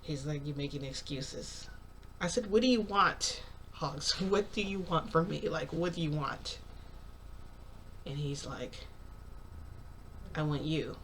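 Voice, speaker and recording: A woman's voice: low-pitched, slow pace, pauses often, slight background noise. A young woman vlogger retelling a story to her viewers in a chatty, rambling way, quoting what people said. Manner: chatty, filler-heavy retelling with quoted dialogue.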